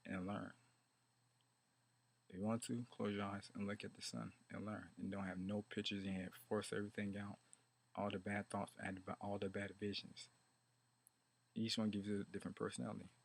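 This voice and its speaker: A man's voice: on the low side, creaky. A man talking about meditation in a rambling, repetitive way, now and then chanting mantras. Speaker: meditation teacher. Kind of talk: rambling casual monologue.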